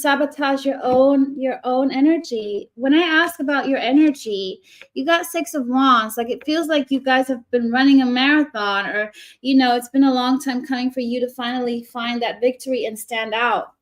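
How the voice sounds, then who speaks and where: A woman's voice: sits high, moderate pace. A woman giving a casual live tarot reading, chatty and rambling, often restarting her sentences. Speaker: tarot reader.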